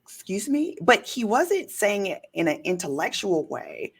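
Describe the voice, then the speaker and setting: A woman hosting an interview podcast, an attorney herself, talking in an emphatic, animated way and telling stories. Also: on the low side, a little slow, slightly rough. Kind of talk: casual interview chat.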